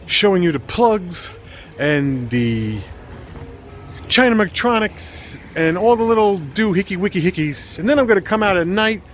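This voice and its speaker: A man hosting a casual home vlog outdoors, joking around as he walks and talks like a mock game show host. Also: high-pitched. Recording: faint outdoor traffic noise.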